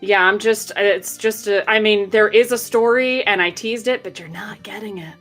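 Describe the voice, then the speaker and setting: A woman's voice: medium pitch, steady tone, moderate pace, a bit bright, faint music behind. Teasing, exasperated female co-host. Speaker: podcast co-host. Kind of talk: casual chat.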